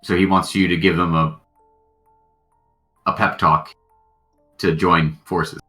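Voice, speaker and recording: Low-voiced young man running a tabletop game. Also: little pitch movement, slow pace, pushed and bright, faint music behind. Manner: rambling, lots of fillers and restarts. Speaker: game master. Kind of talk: casual tabletop game narration.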